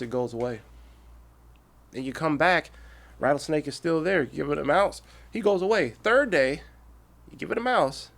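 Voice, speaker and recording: A man's voice: fairly high pitch, creaky, a bit bright. A man in his thirties, a podcast guest, speaking bluntly and profanely and acting out short animal fables. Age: 30s. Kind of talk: casual interview.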